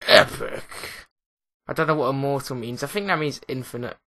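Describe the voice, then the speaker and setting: A young man with an English accent gives rambling, excitable let's play commentary, often mocking himself. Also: fairly high pitch, fast talker. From England. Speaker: gaming commentator.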